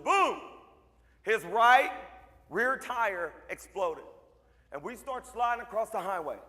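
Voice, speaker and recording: A man giving a motivational speech to a live audience, telling comic stories and acting them out with bursts of shouting. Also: extremely high pitch, long reverb tail. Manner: animated, acts out voices and shouts. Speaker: motivational speaker.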